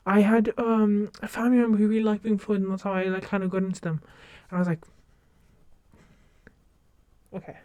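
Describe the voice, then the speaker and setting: Rambling woman with a mellow voice. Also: mid-range voice, little pitch movement, fast talker, hardly any pauses. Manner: rambling, self-interrupting with many restarts. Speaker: streamer. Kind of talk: casual livestream chat.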